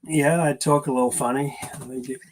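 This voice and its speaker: A man with a Manx accent, answering interview questions in a relaxed, modest way. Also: mid-range voice, brisk, poor audio. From Isle of Man. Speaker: podcast guest, racer.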